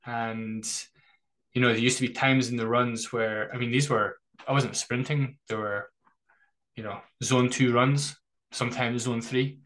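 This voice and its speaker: A man hosting a podcast, speaking earnestly and thoughtfully, a little halting as he talks. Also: medium pitch, fairly even intonation, a bit bright, poor audio. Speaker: podcast host. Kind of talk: candid interview conversation.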